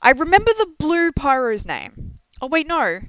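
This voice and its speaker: Rambling through a live stream, this young adult streamer talks at a moderate pace in a high, sing-song, fairly bright voice. Giggles and self-deprecating remarks come often, captured on a slightly dull, dry lo-fi mic.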